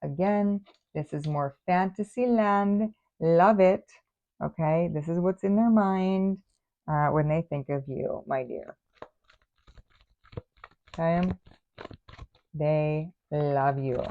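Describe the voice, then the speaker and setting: A woman's voice: sits low, slow, long pauses, dull audio. A woman giving a casual tarot reading, sassy and exasperated in her asides. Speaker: tarot reader.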